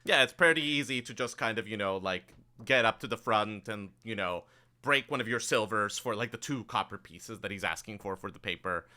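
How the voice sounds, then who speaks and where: A man's voice: lowish voice, brisk, sharp tone. A man narrating a tabletop game as game master, loose and full of fillers.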